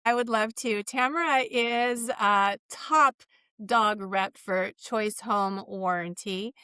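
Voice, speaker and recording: Woman, podcast co-host, giggly, gushing, voice going a bit hoarse, dry sound. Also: medium pitch, takes it slowly, pushed and bright, no room sound. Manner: giggly, effusive. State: losing her voice. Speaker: podcast co-host, real estate agent. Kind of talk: casual podcast chat.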